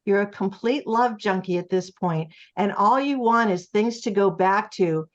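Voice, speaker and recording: A woman's voice: mid-range voice, normal speed, few pauses. A woman speaking as an author in a conversational interview, explaining emphatically and acting out the voices of other people. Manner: emphatic, acts out quoted voices while explaining. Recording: slightly muffled lo-fi audio.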